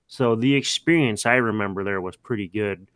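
A young man co-hosting a casual podcast, telling animated, swear-filled stories in a relaxed chat. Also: lowish voice, moderate pace, dry recording. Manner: animated storytelling, swears, mimics himself. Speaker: podcast co-host.

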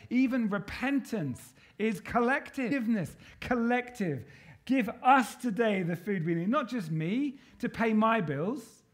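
Male preacher with a high voice, emphatic sermon delivery, call-and-response with the congregation.

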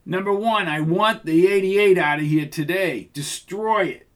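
A man voicing a menacing male thug who barks threats, loud and clipped, enunciating every word. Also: sits high, a little slow, voice pushed up. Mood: threatening.

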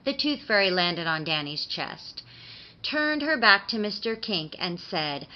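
A woman narrating a dark fairy-tale story as a steady reader, on slightly dull audio. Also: mid-range voice, unhurried.

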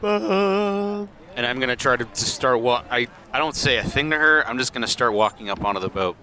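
Bright-voiced man playing a tabletop game. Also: mid-range voice, expressive, normal speed. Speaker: player. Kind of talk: casual tabletop game chat.

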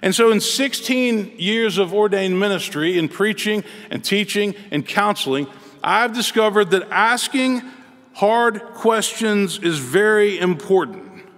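A man preaching a sermon as pastor, earnest and measured, with pauses between phrases. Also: sits high, expressive, a bit bright. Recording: long reverb in a large hall.

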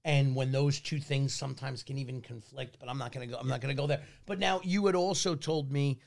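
A man's voice: medium pitch, steady tone, brisk, gravelly. A man speaking bluntly and emphatically in a casual discussion. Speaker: company CEO.

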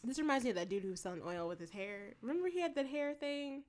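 A woman's voice: fairly high pitch, fast talker. A woman co-hosting a casual chat, retelling a TV episode with lots of laughter and profanity. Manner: animated, laughing, profane storytelling. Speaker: podcast co-host.

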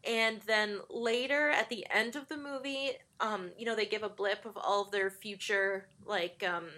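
A woman chatting casually about a film, laughing often and getting animated when she quotes characters. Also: mid-range voice, measured pace.

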